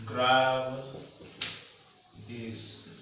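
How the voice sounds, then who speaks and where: Slow echoey male language teacher. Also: mid-range voice, little pitch movement, noisy background. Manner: repeats words slowly, asks rhetorical questions. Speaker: French teacher. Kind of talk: slow spoken language lesson. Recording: echoey room, far from mic.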